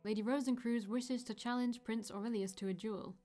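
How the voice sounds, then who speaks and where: A woman reading a calm, soft-spoken young male servant's lines aloud from a visual novel, in her own voice with a steady, even delivery. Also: on the high side, brisk, soft background music, natural voice. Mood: formal.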